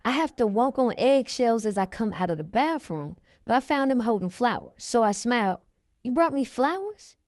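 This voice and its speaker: A woman reading a memoir aloud in the first person, in a steady manner. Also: on the high side, moderate pace, few pauses, no echo, studio quality. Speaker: reader.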